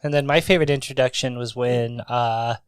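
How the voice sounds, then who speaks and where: A man co-hosts a casual movie podcast, telling stories in a relaxed, easygoing way. He often laughs at his own jokes. His voice sits in a middle pitch and is recorded dry on a close microphone. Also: a little fast, clean tone, no echo. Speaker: podcast co-host. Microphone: studio microphone.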